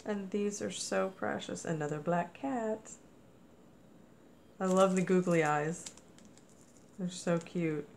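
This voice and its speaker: Slow, gushing woman unboxing mail. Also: fairly low pitch, gravelly, a little mellow, slight background noise. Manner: gushing, exclaims often. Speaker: crafting vlogger. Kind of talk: casual unboxing narration.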